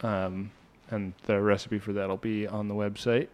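A man's voice: lowish voice, little pitch movement, a little mellow. A man co-hosting a podcast, chatting casually and reading out cocktail recipes with frequent laughs. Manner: reads cocktail recipes slowly, laughs often. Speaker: podcast co-host.

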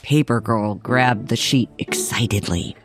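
A man narrating a children's story in an expressive, measured reading. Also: on the low side, over music.

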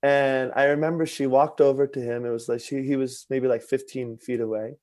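A man's voice: medium pitch, level tone, brisk, darkish tone, no echo. A man who is a podcast guest tells a personal story in a casual, conversational way, candid and self-mocking, and acts out what other people said.

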